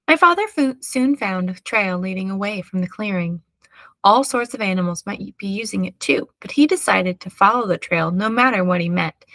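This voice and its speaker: A woman reading a children's chapter book aloud with clear, steady storytelling. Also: mid-range voice, no echo. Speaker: storybook reader.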